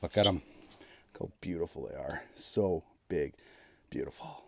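A man giving excitable live commentary while ice fishing from a shelter on a frozen lake, with bursts of cheering and repeated exclamations. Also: very deep voice, a little slow, gravelly, slightly rough. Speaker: fishing vlogger.

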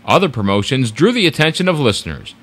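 A man giving polished, expressive scripted documentary narration. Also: mid-range voice, fast.

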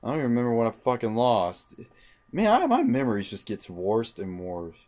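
A man's voice: medium pitch, wildly swooping pitch, brisk, a little mellow. A young man commentating his own video game playthrough, muttering, frustrated and swearing constantly. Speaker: gaming channel host. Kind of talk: let's play commentary.

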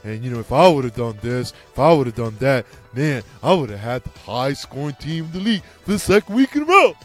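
A man's voice: medium pitch, big pitch swings, faint music behind, lightly acted. A man mocking a dopey, bragging buddy. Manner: slow, dim-witted "duh" drawl. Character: dopey boastful male fantasy football buddy.

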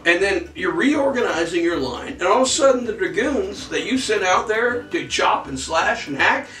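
A man co-hosting a history podcast, telling the story in a casual, profane, animated way. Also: high-pitched, normal speed, far from the mic. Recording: echoey room, off-mic, faint music.

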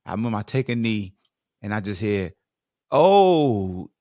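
A man in his forties from Virginia, a podcast guest casually telling animated stories about his football days. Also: lowish voice, fast, no room sound, studio quality. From Virginia, USA. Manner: animated, acts out other people's lines. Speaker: guest, former football player. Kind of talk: casual storytelling.

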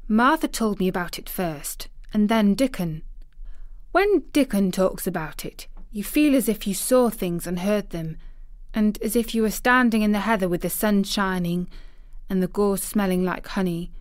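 A woman's voice: medium pitch, normal speed, dry recording, studio quality, close to an everyday voice. Mary, a blunt little girl, read by a woman. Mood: eager. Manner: blunt, contrary, eager when describing the moor.

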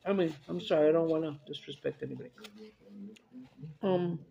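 A woman's voice: low-pitched, brisk, creaky, dark tone, muffled recording. A woman, chatting and rambling through stories while eating on camera, dropping in Spanish words. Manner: rambling chatty storyteller, mixes in Spanish, laughs often. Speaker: mukbang vlogger. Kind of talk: casual chat while eating.

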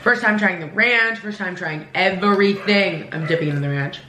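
A woman's voice: on the low side, normal speed, pushed and bright. A young woman in her twenties hosting a casual food vlog, chatty and bubbly, laughing often. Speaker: vlogger host. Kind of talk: casual mukbang vlog chat. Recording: echoey room, faint noise.

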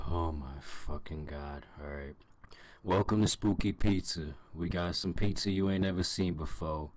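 A man's voice: deep voice, unhurried, darkish tone, no echo, voice pushed down. A man voicing a weary, indifferent male pizza shop worker who sighs and sounds unbothered. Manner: sighing, bored, unbothered.

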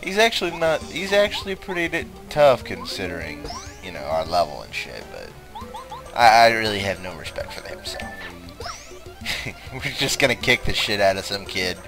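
A man's voice: on the low side, sing-song, normal speed, a bit bright, soft background music. A man giving casual, sarcastic and heavily profane commentary while playing a video game. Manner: profane, sarcastic, laughs often. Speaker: let's play commentator.

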